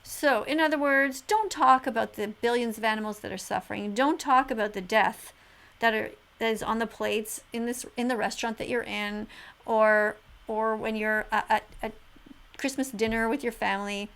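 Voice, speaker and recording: A woman's voice: fairly high pitch, normal speed, rough recording. Emphatic preachy woman on camera. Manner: preachy, emphatic, swings from flat to exclaiming. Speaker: vegan activist video host. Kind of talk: reaction commentary to camera.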